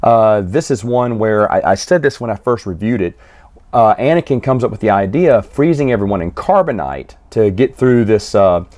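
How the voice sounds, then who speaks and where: A man's voice: on the low side, expressive, darkish tone. Man, casual solo comic reviewer, rambling, chatty delivery. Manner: chatty, rambling, frequent restarts and quick acted quotes.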